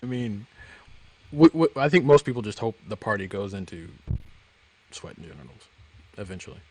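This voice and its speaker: A man co-hosting a live stream, chatting in a laid-back, slightly hesitant way with quiet asides. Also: fairly low pitch, animated, moderate pace, rough recording. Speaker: co-host. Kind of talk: casual live-stream chat.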